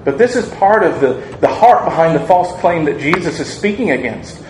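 A man preaching a sermon, earnest and measured, asking the congregation rhetorical questions and acting out quoted lines. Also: fairly high pitch, lively intonation, darkish tone. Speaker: pastor. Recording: echoey room, faint ambient noise.

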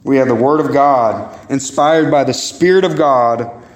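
A man's voice: unhurried, reverberant. A man preaching a sermon as pastor, emphatic, repeating words and calling the congregation "guys" and "beloved". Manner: emphatic, swings pitch high and low, repeats words. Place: church sanctuary.

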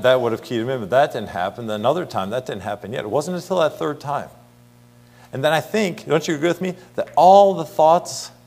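A man's voice: medium pitch, darkish tone. A middle-aged man preaching an earnest Bible sermon, asking the congregation rhetorical questions and reading scripture aloud.

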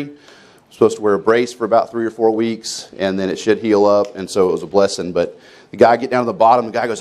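A middle-aged pastor telling a personal story from the pulpit before reading scripture, acting out the voices in it. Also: male voice, mid-range voice. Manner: storytelling with animated quoted voices. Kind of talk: sermon.

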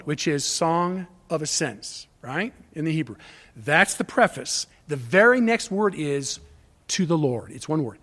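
A man's voice: high-pitched, a bit bright. A middle-aged male pastor delivering a sermon, building emphasis through repeated phrases and rising intensity. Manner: preaching with swelling emphasis and repetition.

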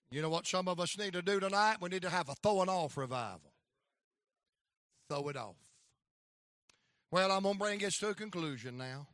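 A man preaching a folksy storytelling sermon with a North Carolina accent, rising now and then to shouts of praise. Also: high voice, expressive, moderate pace, long pauses, no room sound, clean studio sound.

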